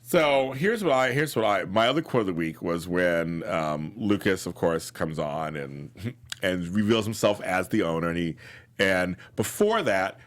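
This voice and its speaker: A man's voice: sits low, lively intonation, unhurried. A man co-hosting a casual TV review show, enthusiastic and repeating words as he agrees and recounts scenes. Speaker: co-host of TV recap show.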